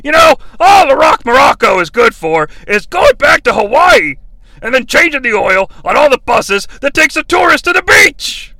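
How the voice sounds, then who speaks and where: A man voicing a cocky male wrestling commentator who shouts taunting insults. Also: very high-pitched, big pitch swings, normal speed, no echo, voice pushed up, exaggerated voice.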